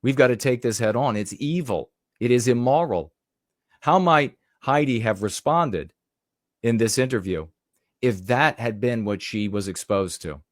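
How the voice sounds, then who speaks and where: A man's voice: mid-range voice, measured pace, no echo, studio quality. A man giving a rhetorical, indignant commentary monologue, repeating phrases for emphasis. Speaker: political commentator.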